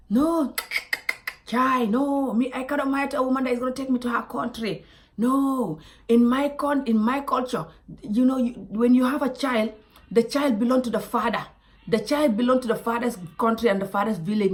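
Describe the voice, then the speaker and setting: A woman voicing a loud, insistent man on a first date who lectures and repeats himself. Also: a little high, natural voice. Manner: emphatic, scolding, repeats himself.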